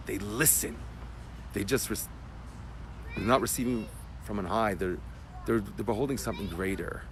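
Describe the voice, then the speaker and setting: Man, rabbi, Torah class, low voice, loud bursts then whispers, slight background noise. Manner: animated, emotional teaching.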